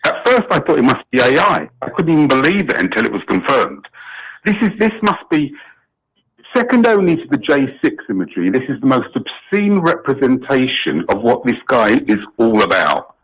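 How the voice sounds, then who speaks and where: A man's voice: mid-range voice, very animated, normal speed, a bit bright, husky, low-quality recording. Indignant British man calling in. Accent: British English. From Britain. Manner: indignant, rambling, many restarts. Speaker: caller. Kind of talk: phone-in call.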